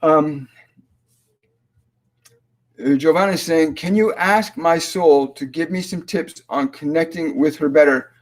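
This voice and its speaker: A man hosting a live-stream spiritual Q&A as a medium, speaking slowly and in a measured way, often halting with fillers and restarts. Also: fairly high pitch. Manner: slow, measured delivery when relaying messages.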